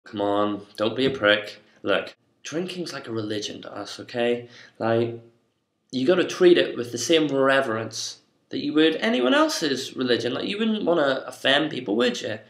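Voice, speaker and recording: A man's voice: medium pitch, lively intonation, moderate pace, vocal fry, soft background music. A young Irish man giving a mock-stern, bossy comic rant to camera. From Ireland. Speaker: comedy vlogger. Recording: echoey room.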